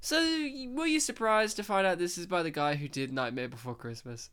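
A man with a fairly high voice hosts a casual movie commentary. He talks in an animated, jokey way and keeps jumping into high, mocking put-on voices to make a point. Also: fairly quick, clean tone. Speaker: podcast host leading a movie commentary.

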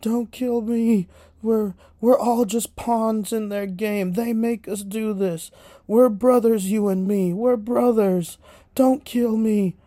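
A man acting out a frantic man begging for his life, in a high, pleading voice. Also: steady tone, slow pace, dark tone, no room sound, clean studio sound.

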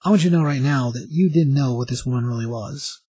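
A man's voice: medium pitch, quick pace, dark tone, husky, no room sound, close to an everyday voice. A man voicing a grim, vengeful antihero with blunt, threatening talk, in a casual retelling. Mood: menacing.

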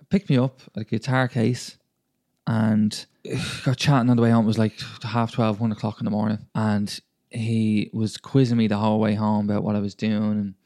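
A man's voice: on the low side, gravelly, dark tone, dry recording, studio quality. A man, co-hosting a podcast, telling a story in casual chat with plenty of swearing. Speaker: podcast co-host.

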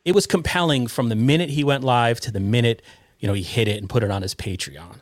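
A man hosting a podcast in excitable, rambling banter, full of movie comparisons. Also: medium pitch, fast, dry recording. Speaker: podcast host.

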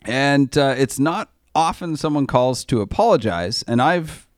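A man's voice: mid-range voice, lively intonation, measured pace, no echo, clean studio sound. A man hosting a casual automotive talk show, telling stories in a blunt, joking way with casual slang. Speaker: podcast host. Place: podcast studio.

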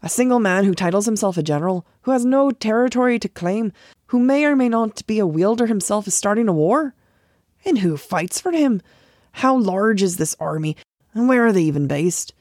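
A woman's voice: mid-range voice, animated, normal speed, darkish tone, no room sound, clean studio sound, voice pushed up, lightly acted. A woman reading the part of a doubting older village man and father. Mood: stern. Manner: stern, doubting.

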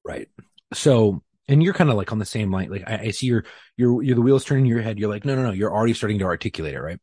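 A man, a police officer, telling a story in casual podcast talk, profane and animated, acting out what people said. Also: lowish voice, fast talker, slightly rough, dry recording, clean studio sound. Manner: profane, animated, acts out quotes.

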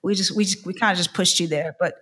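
A woman from the Caribbean co-hosting a podcast, playful, laughing hard and talking in quick broken starts. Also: lowish voice, a bit bright, breathy edge. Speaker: co-host. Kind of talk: casual podcast chat.

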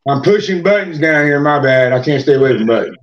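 A man's voice: on the high side, expressive, fast talker, lo-fi sound. An older man, a podcast guest, telling rambling, profane stories in a laid-back way. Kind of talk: casual storytelling.

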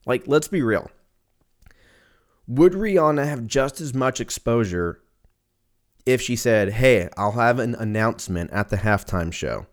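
A man's voice: mid-range voice, expressive, a little slow, long pauses. A young man talking casually and profanely on his own, rambling from one thought to the next. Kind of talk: casual solo chat.

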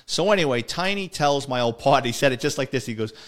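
A middle-aged man telling stories from his police days in a casual podcast. He rambles and doubles back to correct himself, slipping into the voices of the people in his stories. His voice sits at an ordinary mid pitch. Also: lively intonation, quick pace, fairly bright tone. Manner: rambling, self-correcting, acts out quoted dialogue.

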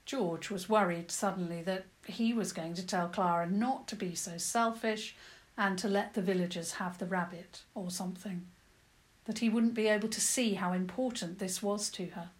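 A woman narrating a children's adventure story in a lively, expressive storytelling manner. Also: mid-range voice, normal speed.

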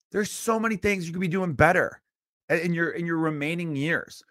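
A man's voice: a little high, steady tone, a little fast, pushed and bright, no echo, clean studio sound. A man in his thirties from Chicago, hosting a solo podcast and ranting in a profane, preachy way. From Chicago area. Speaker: podcast host.

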